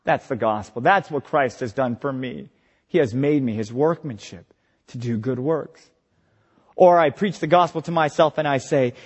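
A man preaching a sermon as pastor, impassioned, moving between quiet reflection and loud exhortation. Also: a little high, normal speed, husky. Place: retreat meeting hall. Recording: long hall reverb.

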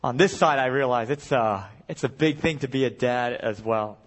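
A man's voice: mid-range voice, moderate pace, faint music behind. A middle-aged man preaching a sermon as a guest speaker, earnest and building to impassioned cries.

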